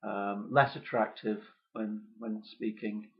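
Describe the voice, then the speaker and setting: A man hosting a comedy show, delivering a deadpan, gloomy rant full of hesitant pauses. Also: lowish voice, muffled recording. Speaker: comedy podcast host.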